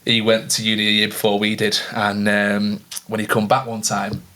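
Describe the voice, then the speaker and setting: A man's voice: on the low side, monotone, normal speed, sharp tone. A man co-hosting a podcast, chatting casually and telling stories. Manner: chatty storyteller. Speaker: podcast co-host.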